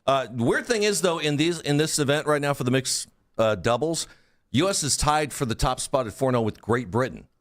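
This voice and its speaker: A man talks through the rules and history of curling on a radio sports show. His voice swings widely in pitch as he gets into the details, and he often repeats a word before the sentence takes off. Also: expressive, brisk. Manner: enthusiastic, explanatory, repeats words when starting. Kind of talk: casual studio chat. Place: radio studio.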